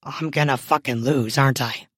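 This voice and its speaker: A woman voicing a bossy, bookish woman professor in an audiobook, talking low and dry. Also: steady tone, moderate pace, no echo. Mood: grumbling. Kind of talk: audiobook character voice.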